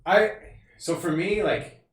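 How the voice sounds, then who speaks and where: A man's voice: sits high, lively intonation, takes it slowly. A man co-hosting a casual movie review chat, rambling with lots of fillers and restarts. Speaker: podcast co-host. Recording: echoey room, distant mic.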